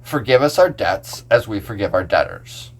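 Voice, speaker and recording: A man's voice: fairly low pitch, very animated, moderate pace. A man, a pastor, talking casually on a podcast, explaining scripture verse by verse with a loose, filler-heavy manner.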